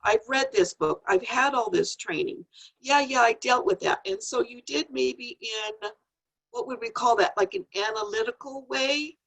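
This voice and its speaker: A woman's voice: on the high side, normal speed, creaky, fairly bright tone, rough recording. A woman hosting an interview, reflective and asking questions. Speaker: host. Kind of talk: casual interview.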